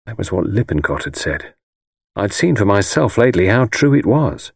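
Man narrating a novel, lively but measured. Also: vocal fry, breathy edge, dry recording, studio quality. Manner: measured storytelling, drops low on speech tags. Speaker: audiobook narrator. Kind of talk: first-person novel narration.

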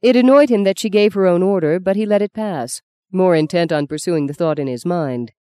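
An audiobook narrator reading a novel in a measured, even storytelling manner. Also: mid-range voice, clear, resonant tone, no room sound.

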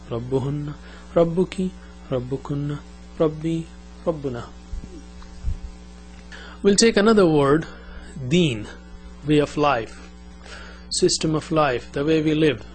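Male language teacher, patient repeat-after-me drills, slightly raised pitch, low hum in the recording. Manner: slow, drilling call-and-repeat. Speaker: Arabic teacher. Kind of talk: classroom language lesson.

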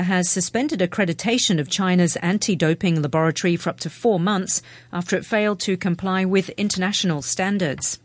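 A woman reading radio news headlines in a crisp, measured way. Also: fairly low pitch, dry recording. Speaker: newsreader.

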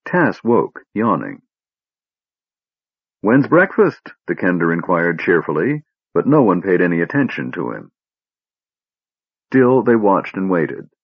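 A man narrating a fantasy audiobook with animated storytelling. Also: low voice, a little slow, slightly rough, no room sound. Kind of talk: scripted narration. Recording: dull dry lo-fi recording.

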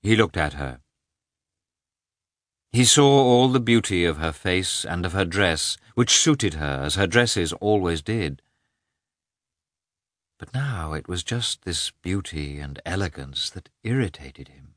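A man narrating a classic novel in an expressive, measured reading. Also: sits low, no room sound, studio quality. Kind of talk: audiobook narration.

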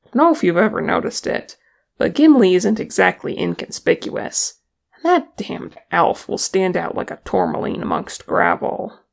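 A woman voices a blunt male dwarf who rattles off his words quickly and curses, with a scornful edge. His voice is low and gravelly in this storybook reading. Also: big pitch swings, exaggerated voice.

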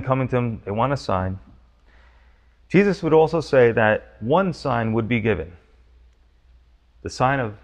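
A man's voice: mid-range voice, highs cut off. A man preaching a sermon, teaching verse by verse with emphatic, urgent questions. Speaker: pastor.

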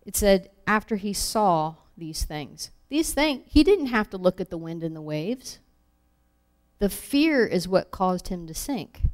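A woman teaching a Bible lesson, reading verses aloud and acting out the quoted lines with animated emphasis. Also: mid-range voice, unhurried. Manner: animated, acts out scripture quotes.

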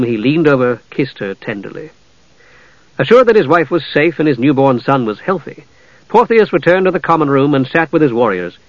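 A man's voice: medium pitch, no room sound. Man reading a fantasy audiobook. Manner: measured, even storytelling. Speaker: audiobook narrator. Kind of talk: scripted narration. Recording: dull lo-fi dry audio.

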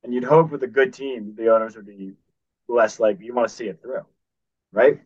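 A man's voice: medium pitch, fairly quick, darkish tone. A man co-hosting a baseball podcast, chatting casually and often restarting his sentences. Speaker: podcast co-host. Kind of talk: casual sports chat. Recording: dull, dry sound.

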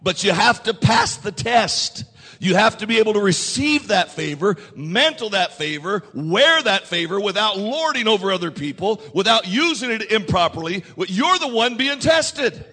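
A pastor preaching a sermon to his congregation. His voice sits high and swings widely as he presses the crowd and leads call-and-response. The sound rings with the long reverb of a church sanctuary. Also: big pitch swings, moderate pace, bright, forceful tone, breathy edge. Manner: preaching with rising intensity and call-and-response prompts.

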